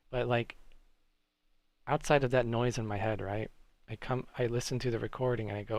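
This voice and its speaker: A man's voice: mid-range voice, fairly even intonation, moderate pace, dry recording. A man streaming live, chatting casually with viewers and reacting to chat messages.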